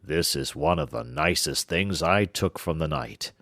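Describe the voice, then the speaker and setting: A huge storybook giant with a slow, booming roar, as a male narrator puts him on. Every word lands loud and heavy, with a deep, dry edge. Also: no room sound, heavily acted. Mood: commanding. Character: huge roaring man-eating male giant.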